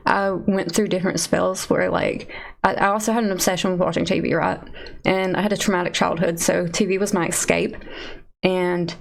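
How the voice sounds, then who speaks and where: Her voice is on the low side and gravelly. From Eastern Kentucky, USA, and carrying that accent, she's a livestreamer at her computer, rambling casually and with self-deprecating humor as she chats to her live chat.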